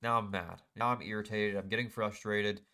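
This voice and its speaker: A man's voice: on the low side, fairly even intonation, fairly quick, pushed and bright. A young man casually recapping his trading day over a chart, self-critical and frustrated as he talks through his mistakes. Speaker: day trader. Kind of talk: casual screen-share trade recap.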